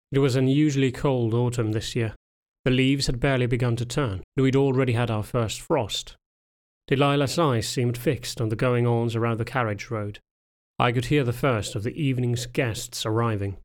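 Man calmly narrating a novel. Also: mid-range voice. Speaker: audiobook narrator. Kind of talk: first-person audiobook narration.

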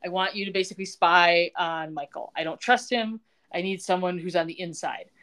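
A woman's voice: on the low side, fairly quick. A woman co-hosting a casual podcast, recapping a TV soap and acting out the characters' lines with laughter. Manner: animated, acts out quoted lines with laughs.

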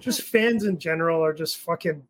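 A man's voice: fairly high pitch, normal speed, fairly bright tone, slight background noise, rough recording. A young man chatting as a podcast guest, his voice sitting a touch above the usual male range. He talks loosely and rambles, with plenty of fillers and the odd swear word. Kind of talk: casual chat.

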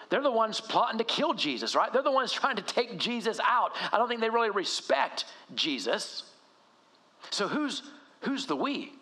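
A middle-aged male pastor preaching in a conversational, animated way, often asking rhetorical questions. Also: sits high. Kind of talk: sermon.

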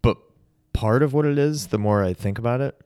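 A man's voice: mid-range voice, brisk, mellow, clean tone, no room sound, studio quality. A man co-hosting a podcast, giving rambling opinions in casual chat. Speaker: podcast co-host.

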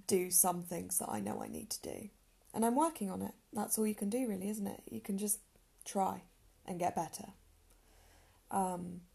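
Young woman, podcast host, casual and candid, with a husky voice. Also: mid-range voice, mellow. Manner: earnest, chatty, self-deprecating with frequent ums and laughs. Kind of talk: casual solo podcast talk.

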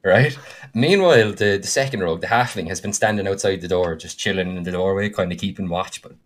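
A man with a fairly low voice tells a story from a tabletop game he ran. He talks casually and animatedly, full of fillers, and jumps up in pitch when excited. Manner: animated, with frequent fillers and quick bursts of higher pitch. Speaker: podcast co-host and game master.

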